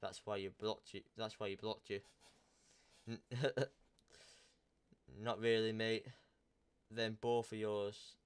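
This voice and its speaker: Young guy, low clear voice, casual crude storytelling vlog, swears, rambles, corrects himself. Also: little pitch movement, takes it slowly, pauses often. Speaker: YouTuber. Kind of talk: casual storytelling, reading out texts.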